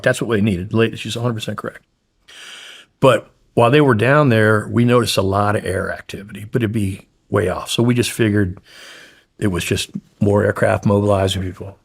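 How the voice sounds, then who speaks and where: A man's voice: fairly low pitch, normal speed, gravelly, breathy edge. A man guest in an interview, blunt and profane, intensely retelling a frightening story.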